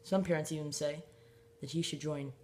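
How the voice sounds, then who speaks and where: A man's voice: a little high, steady tone, moderate pace, a little mellow. A man hosting his own show, talking in a rambling way with fillers, restarts and small laughs. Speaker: host. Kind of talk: casual solo show commentary.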